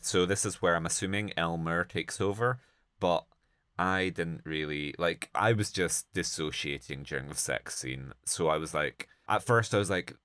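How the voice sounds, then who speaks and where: A man co-hosting a comedic bad-movie podcast, talking casually and sarcastically, with sudden jumps into high mocking voices. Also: moderate pace, fairly bright tone, clean tone, dry recording, clean studio sound. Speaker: podcast co-host. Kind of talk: casual comedic film chat.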